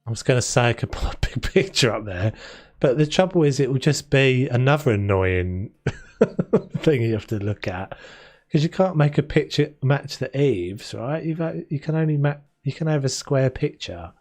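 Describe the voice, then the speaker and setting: A man's voice: medium pitch, lively intonation, normal speed, darkish tone. A young man streaming a renovation game, chatting loosely with his viewers and laughing as he goes. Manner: rambling, chatty, talks to chat and laughs often. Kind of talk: casual gameplay commentary. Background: faint game music.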